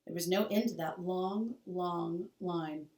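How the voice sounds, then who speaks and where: Woman teacher reading a children's novel aloud, expressive, distant mic, echoey classroom. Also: fairly low pitch, slow pace. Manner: expressive, storytelling cadence. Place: school room.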